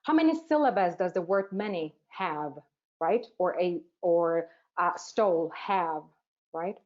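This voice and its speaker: A woman teacher trainer presenting a webinar, asking rhetorical questions and pausing often with "uh" fillers. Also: fairly low pitch, expressive, darkish tone. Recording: dull, lo-fi webinar audio.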